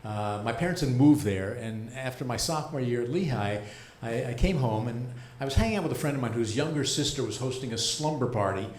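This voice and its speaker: A man in his seventies performing a stand-up comedy set as a rabbi comedian, with a dry, deadpan delivery and pauses before the punchlines. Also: mid-range voice, slight background noise. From United States. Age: 70s. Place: comedy club stage. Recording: roomy live club sound.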